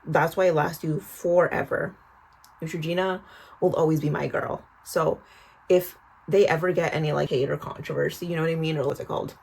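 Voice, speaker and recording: A woman's voice: sits low, fairly even intonation, fairly quick, gravelly, a little mellow, breathy edge. A young woman in her twenties chatting through a storytime vlog while doing her skincare. She tells the story animatedly, swears often and calls the viewer "girl". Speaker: vlogger.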